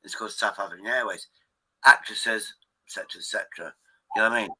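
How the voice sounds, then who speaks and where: Bright-voiced man, rambling and swearing. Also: on the low side, quick pace, breathy edge, rough recording. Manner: swears freely, rambling with many restarts. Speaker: live stream host. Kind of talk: rambling casual chat with viewers.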